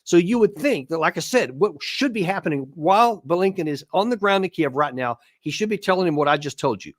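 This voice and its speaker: A man hosts a political commentary show. His voice sits a little high and sounds dry and close. He speaks emphatically and often restarts words as he drives home an argument. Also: animated, a little fast, no room sound. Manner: emphatic, repeats words when stressing a point. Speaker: host.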